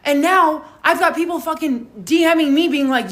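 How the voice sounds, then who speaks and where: A woman's voice: sits high, normal speed. A hungover young woman telling a story in a casual vlog, swearing heavily and animatedly.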